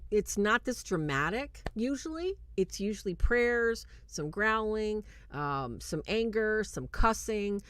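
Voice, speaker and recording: A woman hosting a livestreamed film review, retelling scenes in an animated way and warmly thanking her viewers. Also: mid-range voice, slow pace, few pauses, smooth. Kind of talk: livestream commentary.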